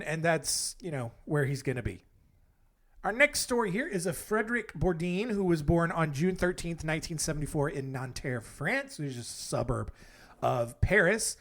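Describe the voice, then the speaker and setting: A man hosts a comedic storytelling podcast with a fairly high voice. He talks in a rambling, casual way, breaking off for jokey asides and correcting himself as he goes. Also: animated, normal speed. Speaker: podcast host.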